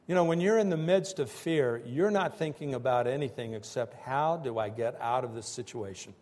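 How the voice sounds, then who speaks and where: A man preaching a sermon in slow, emphatic phrases that swell and drop with pauses between them. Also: medium pitch, a little mellow, big-room sound. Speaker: pastor.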